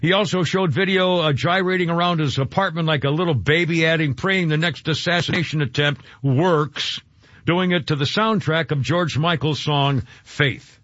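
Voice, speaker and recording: A man with a voice on the high side, a bit bright and at normal speed, hosts a talk radio show with no echo. He rants indignantly and rambles with many fillers, heard over a dull lo-fi broadcast.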